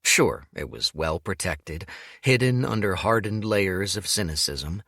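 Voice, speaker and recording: A man narrating an audiobook in an expressive, storytelling manner. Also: deep voice, unhurried, dry recording, clean studio sound.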